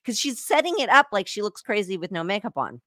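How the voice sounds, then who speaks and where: A woman hosting a podcast in casual chat, animated, laughing often and breaking off mid-sentence. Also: medium pitch, fast talker, no echo. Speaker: podcast host.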